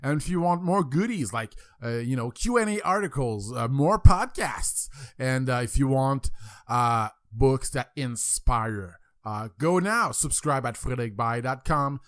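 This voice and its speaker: Rambling French-accented podcast host. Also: male voice, mid-range voice, expressive, unhurried, dry recording, studio quality. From France. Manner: rambling, repeats words, many fillers. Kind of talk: casual podcast intro.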